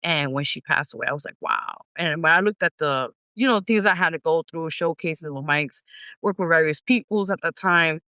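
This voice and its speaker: A middle-aged singer talks through her story in an animated way, acting out how she reacted back then. Her voice is bright and crisp, recorded close and dry with no room sound. The style is a casual interview. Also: deep voice, normal speed, no echo. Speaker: independent singer, interview guest.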